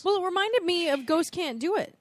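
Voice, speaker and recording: A woman with a high, very lively voice co-hosts a casual movie podcast. She chimes in with quick agreement and comments. The sound is dry and close. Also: no echo. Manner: quick agreeing interjections, laughs. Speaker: podcast co-host. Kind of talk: casual movie-review chat.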